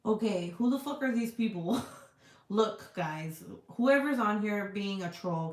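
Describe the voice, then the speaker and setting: A woman streamer chats casually with her viewers and reads their comments aloud. She swears freely, laughs often and talks slowly. Her voice sits in the middle of the range and rings in an echoey room. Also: medium pitch. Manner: profane, giggly, rambling. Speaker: livestream host. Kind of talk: casual livestream chat reading comments.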